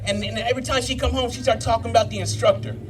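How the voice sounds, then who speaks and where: A man's voice: very high voice, steady tone, racing, soft background music. A man in his fifties doing a live stand-up set, telling profane stories and working the crowd. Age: 50s. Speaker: stand-up comedian. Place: live brew pub comedy show.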